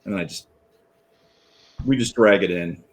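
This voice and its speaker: A man playing a tabletop game, describing his character's actions in a deliberate way. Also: deep voice, slight background noise. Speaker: player.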